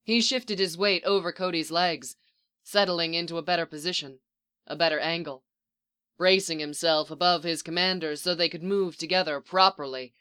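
A narrator reading a story aloud in an even, measured way. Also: mid-range voice, clear, resonant tone. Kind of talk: audiobook reading of fan fiction.

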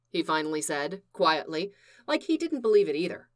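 A woman reading fan fiction aloud in a slow, deliberate narration. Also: sits low, very animated. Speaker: reader.

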